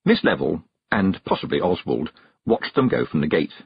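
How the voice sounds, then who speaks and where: A man narrating a storybook in a measured, expressive reading voice. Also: deep voice, creaky, breathy edge, dry recording, muffled recording. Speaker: audiobook narrator.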